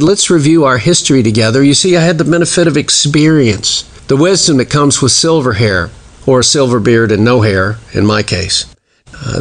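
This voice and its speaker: Older man, sixties, earnest devotional reflection, prays aloud in steady lists, mid-pitched voice. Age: 60s. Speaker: speaker sharing a devotional reflection. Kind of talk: personal devotional talk.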